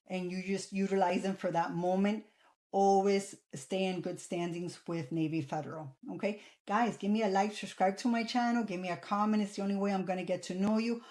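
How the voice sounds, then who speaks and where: A woman talking straight to her viewers in a relaxed advice vlog. She keeps a conversational flow, restarts her sentences and keeps checking in with the audience as she explains. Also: mid-range voice. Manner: chatty, repeats "okay?" and "guys", restarts phrases. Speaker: channel host giving credit advice.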